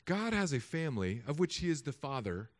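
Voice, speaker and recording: A man in his thirties, a pastor, preaching a sermon with animated, humorous storytelling. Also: fairly high pitch, fairly quick.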